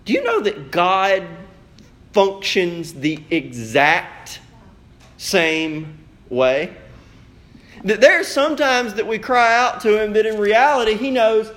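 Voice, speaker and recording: A young man preaching a sermon as pastor, telling a family story in a lively way and acting out quotes. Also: sits high, slow. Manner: storytelling, animated, acts out quotes.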